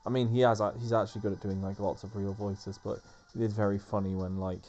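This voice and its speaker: A man with a lowish, relaxed and mellow voice chats his way through a let's play at an unhurried pace, full of fillers and restarts. The audio is dull and lo-fi. Faint game music plays underneath. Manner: rambling, filler-heavy chatter. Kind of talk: casual gameplay commentary.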